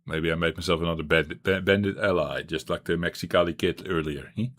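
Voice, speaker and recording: Very deep-voiced streamer rambling. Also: male voice, fairly even intonation, fast talker, a bit bright. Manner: rambling, thinking aloud with many restarts. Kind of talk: live-stream gameplay chat.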